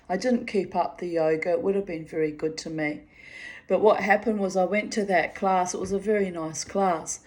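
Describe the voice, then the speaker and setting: A middle-aged woman reads her diary aloud and chats about it, wry and self-mocking, often breaking into laughter. Her voice is fairly low, slightly mellow, and fairly even in intonation, at normal speed.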